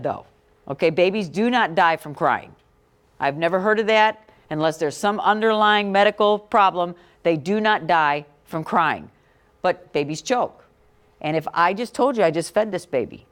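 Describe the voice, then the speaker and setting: A middle-aged woman teaching a classroom about infant care, talking directly and quizzing her students. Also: fairly low pitch. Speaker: parenting educator. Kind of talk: classroom talk.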